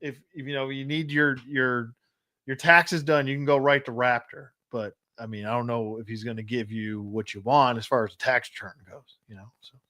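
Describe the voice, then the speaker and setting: In a rough recording, a man with a medium-pitched, steady voice that sounds pushed and bright speaks at normal speed. He's an action figure collector hosting a casual livestream toy review on his channel, and he's blunt and rambling, repeating and restarting sentences as he complains.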